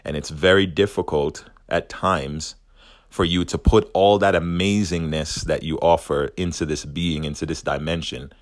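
A man's voice: extremely low pitch, fairly even intonation, moderate pace, no echo, clean studio sound. A man giving an earnest, reflective spiritual self-help talk, wandering a little and correcting himself as he goes. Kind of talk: motivational monologue.

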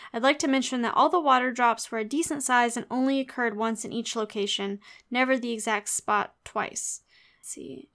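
Chatty young woman, slightly high voice. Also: fairly bright tone. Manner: chatty, lots of "like" fillers, laid-back. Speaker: podcast co-host. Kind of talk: casual chat, reading forum posts aloud.

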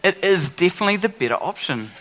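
A man leading a lively children's talk at church, playful and quick to praise the kids. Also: sits high, rough recording. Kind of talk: lively kids' talk with audience games.

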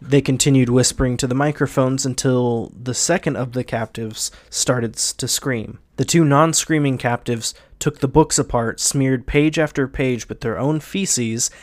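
Young guy podcast host, swears casually, reads a creepypasta out loud, middle pitch. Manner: casual, profane banter. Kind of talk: reading a creepypasta aloud.

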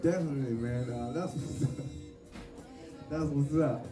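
A man's voice: mid-range voice, normal speed. A man hosting a comedy show, riffing in loose, joking bursts between laughs. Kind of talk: stand-up comedy. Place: live venue stage. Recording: roomy hall from a distance with music.

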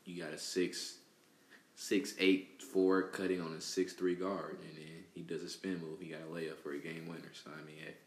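A man's voice: low voice, flat delivery, moderate pace. A man giving a casual, rambling sports take full of fillers. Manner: loose, rambling analysis with filler words. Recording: echoey room with faint background noise.

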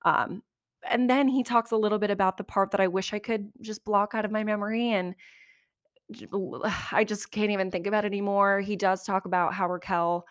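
Woman host, chatty and animated recap, dead-dry recording. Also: medium pitch, brisk, no room sound. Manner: chatty, animated, frequent asides and laughs. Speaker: podcast host. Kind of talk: casual reality TV recap.

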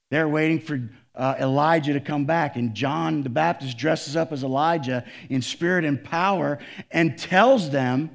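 Animated man preaching a sermon. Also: vocal fry. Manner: animated preaching, swings from loud emphatic to quiet and low. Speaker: pastor.

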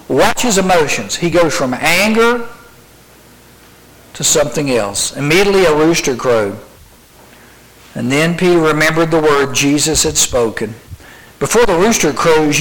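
A middle-aged man preaching a sermon to a youth group, acting out the quoted lines in animated storytelling. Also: on the high side, low-quality recording.

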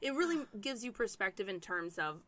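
A woman co-hosting a casual chat, reacting quickly and cracking jokes. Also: mid-range voice, sing-song. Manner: quick reactive interjections, joking. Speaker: podcast co-host. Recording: loud background noise.

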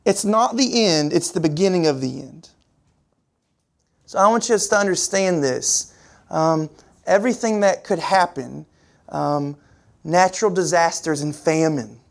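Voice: unhurried, creaky. A preacher delivering a sermon in an earnest, repetitive way, asking the congregation rhetorical questions and pushing key words up and down for emphasis. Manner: pitch and pace swing widely for emphasis.

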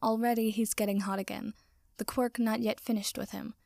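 A woman narrating a story aloud in a soft, slow voice that often drops to a whisper. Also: fairly high pitch, flat delivery, gravelly, no echo, studio quality. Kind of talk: reading fan fiction aloud.

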